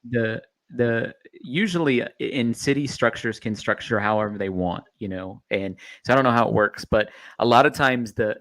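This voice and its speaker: A man's voice: fairly low pitch, fairly bright tone. A man hosting a live call-in stream, thinking aloud with frequent restarts and fillers. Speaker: host taking live callers.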